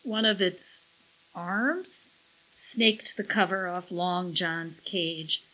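A woman narrating a science-fiction story in measured audiobook style. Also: lowish voice, pushed and bright, low-quality recording.

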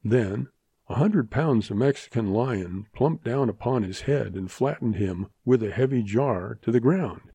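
A man narrating a western short story in a measured, expressive audiobook reading. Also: mid-range voice, breathy edge, no echo.

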